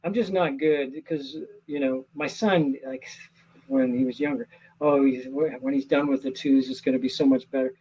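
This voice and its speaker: A middle-aged man, an actor, telling stories in a casual interview, earnest and animated with many restarts. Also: mid-range voice, moderate pace, highs cut off, slight background noise.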